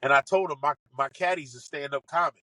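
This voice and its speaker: A man, a comedian guest on a podcast, telling funny stories in an animated, excitable way and acting out the lines of the people in them. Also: on the high side, fairly quick, dry recording, poor audio. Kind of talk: casual comic storytelling.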